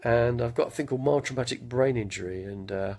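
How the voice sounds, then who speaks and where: With a darkish tone at medium pitch, a gravelly, husky man in his fifties tells rambling, casual stories on a live stream. His speech is slow and halting with a mild stutter from a head injury, and he often loses his train of thought.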